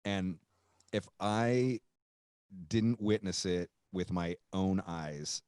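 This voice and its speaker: A man's voice: deep voice, very slow, clear, resonant tone, dry recording, studio quality. A man hosting a podcast, telling a road story in a loose, profane way and acting out the voices of the people in it. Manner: profane, animated, acts out quoted voices. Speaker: podcast host and guitarist. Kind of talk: casual storytelling.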